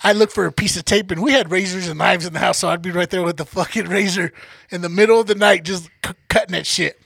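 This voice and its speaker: A man's voice: high voice, fast, creaky, slightly rough, no echo. A man co-hosting a podcast, telling a childhood story casually, swearing a lot and acting out the people in it. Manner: profane, animated storyteller acting out quotes. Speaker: podcast co-host.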